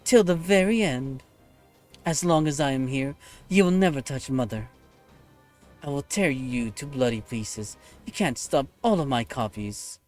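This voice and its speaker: A man's voice: mid-range voice, unhurried, faint music behind, natural voice. A man voicing a scornful, vengeful young female warrior, reading game dialogue aloud with raging threats. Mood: wrathful. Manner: raging, contemptuous, shouting threats.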